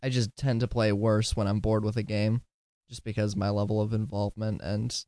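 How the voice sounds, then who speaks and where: A man's voice: fairly low pitch, flat delivery, moderate pace, dark tone, no room sound, clean studio sound. A tired man hosting a casual solo podcast, rambling and giggling, slurring his words at times. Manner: giggly, rambling, self-deprecating. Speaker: podcast host.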